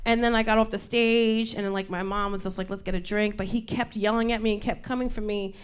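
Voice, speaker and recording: A woman's voice: fairly high pitch, fairly even intonation, fast talker, clean tone. A woman comedian hosting a live show, telling a profane story with lots of laughing and acted-out voices. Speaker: comedian host. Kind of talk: stand-up storytelling monologue. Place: live audience show room.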